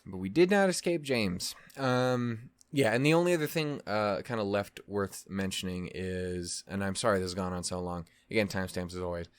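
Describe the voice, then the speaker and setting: A man's voice: on the low side, moderate pace, hardly any pauses, clear, resonant tone, no room sound. A man talking casually to the camera as a reaction host, rambling and swearing, restarting his sentences often. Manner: rambling, profane, frequent restarts and fillers. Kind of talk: casual commentary.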